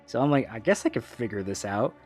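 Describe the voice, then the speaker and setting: Animated man telling a funny story. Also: mid-range voice, fast, soft background music. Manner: animated, laughing, acts out quoted voices. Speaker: podcast host. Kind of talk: casual storytelling chat.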